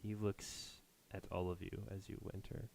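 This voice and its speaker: A man's voice: low-pitched, level tone, moderate pace, gravelly, darkish tone, slight background noise. A man narrating a tabletop game as game master in a casual, rambling way with many fillers.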